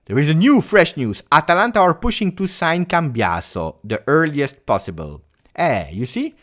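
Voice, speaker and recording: A man's voice: fairly high pitch, moderate pace. A man from Italy with an Italian accent, hosting a casual fan-channel livestream and reading out viewer comments. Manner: animated, reads viewer comments.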